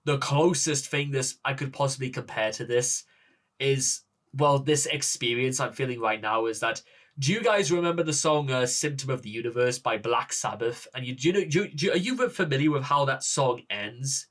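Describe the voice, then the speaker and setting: A man with a Northern English accent talks to his viewers about a song he has just heard. He stumbles, restarts and fires off rhetorical questions, overwhelmed with excitement. His voice sits at an ordinary middle pitch. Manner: gushing, halting, many restarts and rhetorical questions. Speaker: music reaction host. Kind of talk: excited reaction talk to camera.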